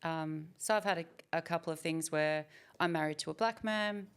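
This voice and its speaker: A woman's voice: low voice, normal speed, clear, resonant tone. A woman in her forties, a guest speaking candidly and reflectively in a conversational interview. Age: 40s. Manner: reflective, candid, with frequent fillers.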